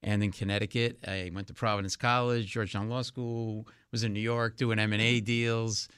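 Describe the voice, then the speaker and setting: A middle-aged man from New England, a comedian guest telling lively anecdotes and acting out voices. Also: lowish voice, normal speed, clean tone, no echo, clean studio sound. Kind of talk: animated storytelling.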